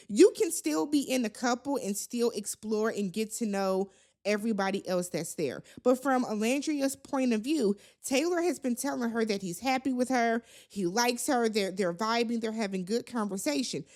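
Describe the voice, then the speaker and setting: A woman's voice: on the high side, darkish tone. A woman giving a casual reality show recap in a sassy, chatty and opinionated way. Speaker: recap vlogger.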